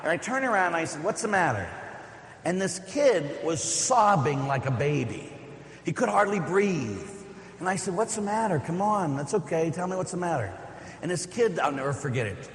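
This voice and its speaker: Middle-aged priest giving a homily, kinda high voice, long church echo, tells stories and hits the big lines slow. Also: male voice, sing-song. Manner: storytelling, emphatic with slow stressed lines. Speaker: Catholic priest. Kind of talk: sermon.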